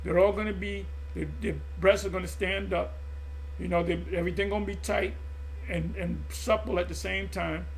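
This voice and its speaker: A man's voice: high voice, steady tone, normal speed, gravelly, a little hiss or hum. A man preaching in an impassioned monologue, emphatic and repetitive, often stumbling and restarting mid-phrase. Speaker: religious group teacher.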